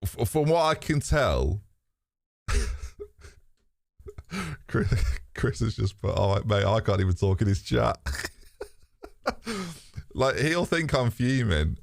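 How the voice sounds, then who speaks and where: Lively, low-voiced British man chatting. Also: slow pace, creaky, long pauses, no room sound. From Britain. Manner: candid, rambling, swears freely and laughs often. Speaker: streamer and host. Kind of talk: casual live-stream chat.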